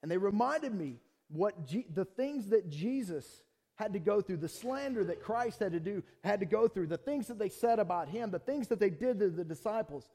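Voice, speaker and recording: A middle-aged man preaching as a pastor, telling a personal story in a conversational style that swings from quiet asides to loud, heated outbursts. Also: high-pitched, expressive, moderate pace, few pauses, slightly rough. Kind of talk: sermon with personal testimony.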